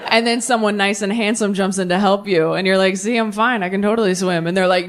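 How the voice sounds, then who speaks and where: A young woman performing a stand-up comedy set, animated and quick to jump into high-pitched character voices. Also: background noise. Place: comedy club stage with audience laughter.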